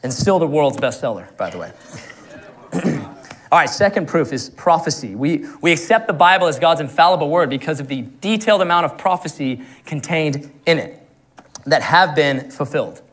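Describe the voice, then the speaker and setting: Young man preaching, slightly high voice, earnest, chuckles through his anecdotes. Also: lively intonation, moderate pace, a bit bright. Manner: earnest, laughs often at his own stories. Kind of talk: sermon.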